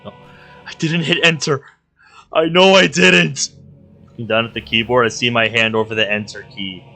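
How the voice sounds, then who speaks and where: A man's voice: medium pitch, normal speed, gravelly, bright, forceful tone. Man reading a game aloud over faint music. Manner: reads narration aloud with emotional outbursts. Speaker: game streamer. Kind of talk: dramatic live reading of a visual novel.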